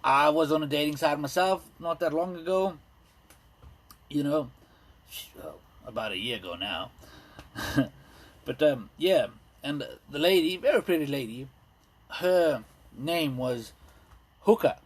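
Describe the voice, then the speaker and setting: A man in his thirties doing a rambling, self-deprecating stand-up set, full of ums and pauses. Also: fairly high pitch. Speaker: stand-up comedian. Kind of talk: stand-up set streamed live. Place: indoors at home.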